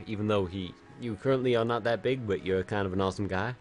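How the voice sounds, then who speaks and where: A man streaming a game while a bit drunk, chatting in a silly, rambling way and jumping into high joking voices. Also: quick pace, soft background music. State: tipsy. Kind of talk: casual livestream chat.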